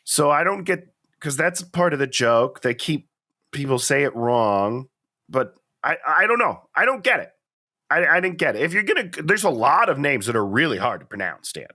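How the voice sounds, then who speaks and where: A man co-hosting a podcast, talking through a movie in an animated, playful, chatty way. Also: on the high side, normal speed. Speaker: podcast co-host. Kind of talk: casual chat.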